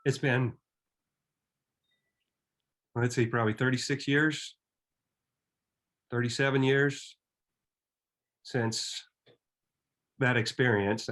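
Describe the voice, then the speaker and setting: A man in his fifties shares a personal story in a plain, mid-pitched voice. He speaks earnestly and reflectively. His phrases come in halting bits, with frequent restarts. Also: a bit bright.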